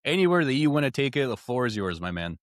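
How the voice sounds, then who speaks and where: A man's voice: mid-range voice, big pitch swings, fast, dry recording, studio quality. A man hosting a podcast, handing the floor to his guest in an easygoing, slangy way. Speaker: podcast host. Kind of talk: casual chat.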